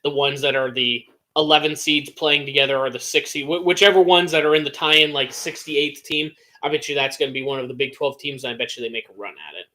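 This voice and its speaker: A young man with an American Midwest accent co-hosting a casual sports podcast, talking excitedly and rambling with lots of restarts. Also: medium pitch, fast, few pauses. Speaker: podcast co-host.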